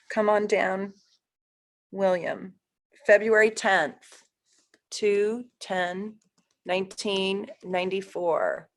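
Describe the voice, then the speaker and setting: A woman astrologer hosting a casual live stream, chatting with viewers, easily flustered and laughing often. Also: mid-range voice.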